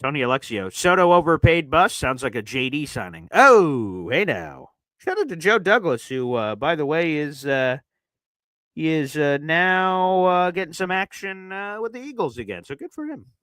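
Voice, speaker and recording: Hosting a laid-back live sports stream, a sports podcaster reads super chats aloud, chatty and filler-heavy, shifting between loud talk and muttering. He has a high-ish, sing-song voice at a moderate pace, captured in a dry, low-quality recording.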